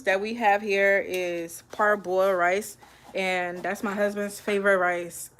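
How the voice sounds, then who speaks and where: A woman's voice: mid-range voice, fairly bright tone, poor audio. A young woman from Liberia, chatting casually as she hosts a live cooking stream at home and answers viewer comments while she cooks. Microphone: phone.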